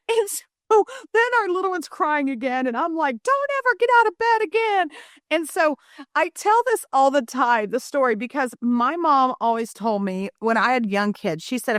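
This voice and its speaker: A middle-aged woman, a guest author, tells a family story on a podcast and brings it to life by acting out the scenes. Her voice sits fairly high. The sound is close and dry, with no room echo.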